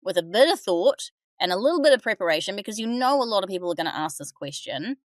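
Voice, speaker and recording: A woman hosting a podcast, coaching on front-desk phone calls in an animated, chatty way and acting out callers. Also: mid-range voice, fast talker, no room sound, studio quality. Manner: animated, acts out phone calls, laughs often. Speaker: dental front-desk trainer and podcast host. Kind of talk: casual podcast discussion.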